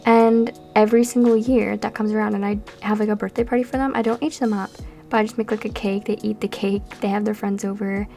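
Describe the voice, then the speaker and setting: A tired Canadian girl with a creaky, warm, medium-pitched voice talks fast and fairly evenly, rambling and chatting with plenty of fillers. She's a Sims builder and YouTuber casually narrating a speed build from a room at home during a storm, a bit out of breath, over background music.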